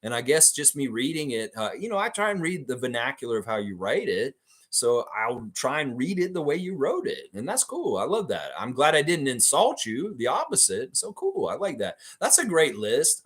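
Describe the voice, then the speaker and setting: A man's voice: medium pitch, a bit bright, breathy edge. A man hosting a live fan stream, chatting casually, reading viewer comments, and swearing freely with lots of fillers. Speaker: fan show host.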